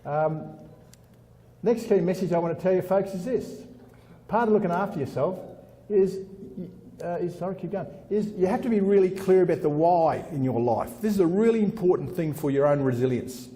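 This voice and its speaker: A man's voice: high voice, moderate pace, mellow. Blunt middle-aged man in echoing hall. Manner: blunt and punchy, repeats lines for effect; keeps calling the audience "folks". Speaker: organizational consultant giving a keynote. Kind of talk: motivational conference speech. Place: large conference room with about 400 people. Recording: long hall reverb.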